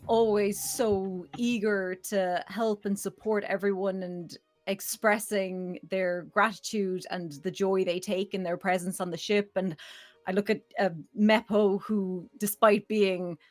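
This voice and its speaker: A woman's voice: mid-range voice, fairly even intonation, unhurried. A woman player musing in character during a tabletop game, thoughtful and hesitant with many fillers.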